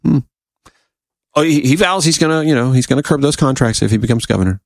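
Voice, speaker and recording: A man's voice: quick pace, gravelly, dry recording. A man hosting a political talk show, reading a column aloud and breaking in with sarcastic asides. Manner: sarcastic, animated asides with sudden pitch jumps. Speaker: radio talk show host.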